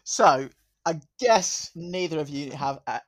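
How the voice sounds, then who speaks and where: A man's voice: on the high side, expressive, slow. A man co-hosting a casual podcast, often repeating himself and laughing easily as he runs a quiz segment. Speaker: podcast co-host.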